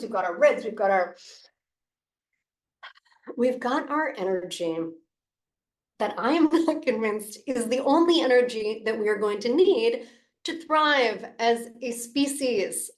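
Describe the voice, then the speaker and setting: A fairly high-voiced woman coach speaks to camera in a motivational talk. Her delivery is expressive and playful, breaking into gasps and laughs. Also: reverberant. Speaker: leadership coach.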